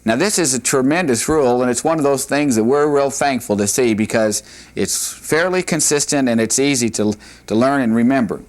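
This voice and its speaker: A man's voice: mid-range voice, brisk. A man teaching a Hebrew grammar lesson at a board in a classroom, patiently repeating key points with frequent "all right" and "uh".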